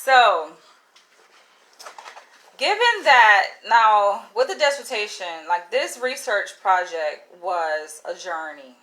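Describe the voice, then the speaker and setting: A woman vlogger telling a casual story in an animated, exasperated way, peppered with slangy "yo". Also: medium pitch, takes it slowly, low-quality recording.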